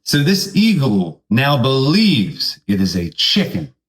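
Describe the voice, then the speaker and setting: Man telling a slow, rambling tall tale. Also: medium pitch. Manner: rambling, deadpan tall tale with sudden voice jumps. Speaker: comedian and podcast host. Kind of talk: comedic storytelling monologue.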